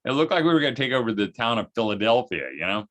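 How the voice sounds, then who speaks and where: A man's voice: mid-range voice, very animated, fast, a bit bright. A man giving a folksy, humorous storytelling talk to parents, full of vocal sound effects. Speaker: speaker at a homeschooling event.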